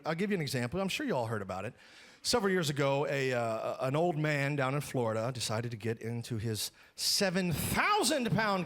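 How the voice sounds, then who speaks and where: Loud high-pitched stand-up comedian man. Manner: loud, exaggerated, often shouting punchlines. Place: live comedy stage with audience. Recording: live stage mic, crowd laughter and noise. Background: audience laughing.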